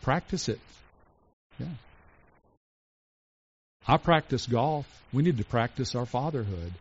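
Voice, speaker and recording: A man's voice: mid-range voice, animated, slightly rough. Earnest preaching man, dull lo-fi recording. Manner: earnest, slows to stress lists, drops soft for tender points. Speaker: pastor. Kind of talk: sermon.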